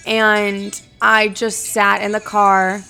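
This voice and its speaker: A woman's voice: mid-range voice, little pitch movement, takes it slowly, creaky, sharp tone, soft background music. A young woman in her twenties hosting a casual solo podcast from an empty apartment, talking candidly, rambling and swearing freely. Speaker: podcast host.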